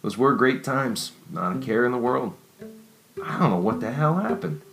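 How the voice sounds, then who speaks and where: A worn-out young man who answers with dry humor and quiet resignation, voiced by a male narrator. He speaks low-key and a touch subdued. Soft guitar sits behind the voice. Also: very animated, moderate pace, vocal fry, low-quality recording. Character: weary young man, recently separated.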